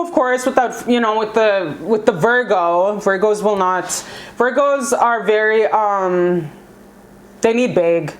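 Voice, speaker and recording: A young woman reading tarot cards for her viewers in a casual, gushing, slangy way, swearing freely and calling them "you guys.". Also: medium pitch. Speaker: tarot reader.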